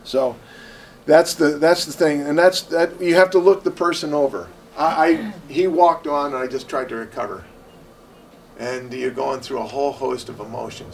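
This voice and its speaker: A man's voice: medium pitch, moderate pace, creaky. Man preaching about witnessing, storytelling and asking the crowd questions, mic kinda far off, faint hum behind. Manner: storytelling, acts out both sides of conversations, asks the audience questions. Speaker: preacher teaching evangelism. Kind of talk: sermon with acted-out anecdotes. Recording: distant mic with faint room noise.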